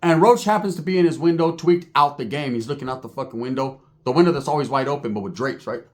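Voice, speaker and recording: A man telling a story in a casual, animated and profane streetwise way. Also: mid-range voice, fast talker.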